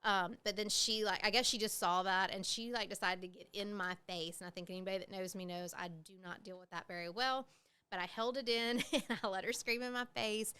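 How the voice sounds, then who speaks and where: A woman's voice: mid-range voice, steady tone, a little fast, pushed and bright, smooth. A woman, hosting a podcast and telling her own story candidly, with plenty of fillers and swearing. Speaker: podcast host. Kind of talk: casual personal storytelling.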